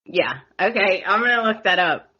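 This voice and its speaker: A woman hosts a relaxed podcast conversation, her voice bright and forward. She chats easily and laughs often. The sound is somewhat dull and lo-fi. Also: mid-range voice, normal speed, husky. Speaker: podcast host. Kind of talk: casual podcast chat.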